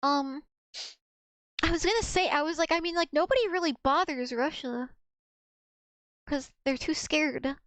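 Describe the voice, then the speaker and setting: A woman's voice: high-pitched, measured pace, pauses often, fairly bright tone, no echo. A young woman from the United States chatting casually on a livestream, rambling with restarts and giggles. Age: young adult. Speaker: streamer.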